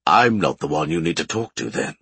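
A man reading an audiobook and voicing a hearty, joking big man, low, loud and drawn-out. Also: expressive, gravelly, husky, no room sound, heavily acted.

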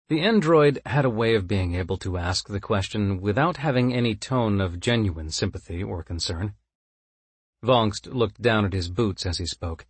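A man narrates a story in a measured, steady way. His voice is fairly low and husky. The recording is close and dry, with no room sound. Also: dry recording.

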